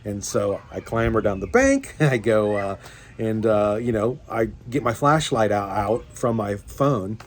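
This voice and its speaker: A man's voice: on the low side, big pitch swings, a little slow. A young man, a fishing vlogger, rambling through a story of a bad day in casual chat, with many fillers and restarts. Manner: rambling, self-deprecating, full of fillers and restarts.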